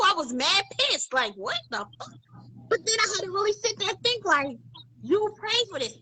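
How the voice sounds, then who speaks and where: A woman tells a candid personal story on a casual podcast, talking emphatically in slang. Her voice sits high and sounds bright and sharp. She talks freely, as if to friends. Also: poor audio. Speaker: podcast co-host.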